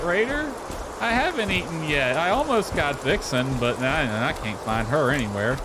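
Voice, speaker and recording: A man's voice: fairly high pitch, very animated, normal speed, background noise. A man streaming a game live, chattering to himself, calling out playfully and now and then singing in a mock-sad voice. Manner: playful, talks to himself, sings and calls out in a mock-plaintive voice. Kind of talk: live gameplay commentary.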